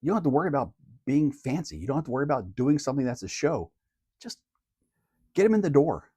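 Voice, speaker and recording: A man in a middle register talks through his classroom routine to camera like a teacher chatting with colleagues. His delivery is relaxed and conversational. The recording is dry, with no room echo. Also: medium pitch, fast, slightly rough. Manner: relaxed and conversational, plain everyday phrasing. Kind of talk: casual how-to talk to camera.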